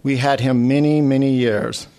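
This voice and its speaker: A man's voice: mid-range voice, fairly even intonation, moderate pace, warm tone, lightly acted. A man reading aloud, voicing a frail, shrewd old village father haggling from his sickbed. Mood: stubborn. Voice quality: phlegmy, gurgling.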